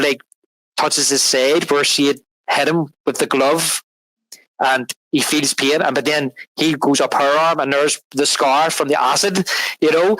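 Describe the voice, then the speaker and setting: Bright, animated man co-hosting a film podcast. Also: a little high, dry recording, rough recording. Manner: animated, retells scenes and acts out the dialogue; laughs often and repeats words as he restarts. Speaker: podcast co-host. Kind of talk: casual film discussion.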